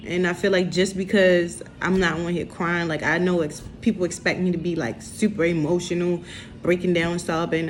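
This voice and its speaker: Young woman, slow, halting, emotional, faint room noise. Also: on the low side, level tone. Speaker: vlogger. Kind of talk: personal confessional vlog.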